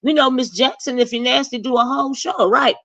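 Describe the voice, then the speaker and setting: Sassy gossip host, animated, dry close sound. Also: female voice, brisk, no echo. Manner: sassy and animated, jumps high when acting out reactions. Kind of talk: casual celebrity gossip chat.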